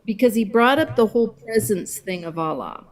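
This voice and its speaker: A woman's voice: on the high side, lively intonation, normal speed. A woman guest in a casual podcast chat, earnest and making suggestions. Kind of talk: casual group chat on a call.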